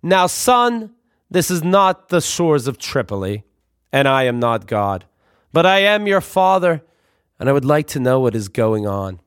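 A man's voice: medium pitch, very animated, a little slow, clean tone, no echo, clean studio sound. A man voicing a strict, pompous father who speaks formally and dramatically. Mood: solemn.

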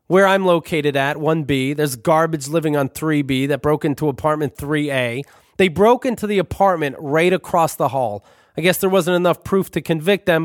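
A man's voice: on the high side, no room sound, studio quality. A man narrating his own memoir with wry, profane, conversational humor. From Brooklyn, New York.

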